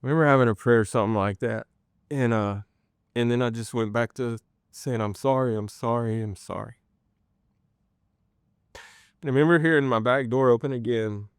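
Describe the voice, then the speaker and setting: A man telling his personal faith testimony in an interview, earnest and halting, with many pauses and restarts. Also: mid-range voice, clean tone, no echo, studio quality. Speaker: guest sharing a personal testimony.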